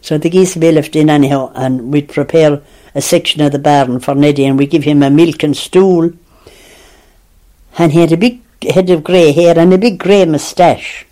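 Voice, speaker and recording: An older woman with an Irish accent who tells childhood stories in a lively, animated way, laughing and acting out the voices of people she quotes. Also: low-pitched, moderate pace. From Tipperary, Ireland. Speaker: interviewee. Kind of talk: lively storytelling reminiscence.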